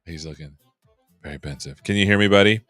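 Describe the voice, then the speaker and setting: A man's voice: low voice, fast, a bit bright, faint music behind. A man hosting a tech show, chatting loosely and joking with many fillers. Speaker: show host. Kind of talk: casual live-stream chat.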